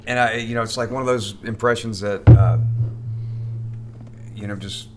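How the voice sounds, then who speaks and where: Rambling stand-up comedian guest. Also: male voice, fairly low pitch, steady tone, moderate pace, over music. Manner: stammering restarts, rambling. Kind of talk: casual podcast chat.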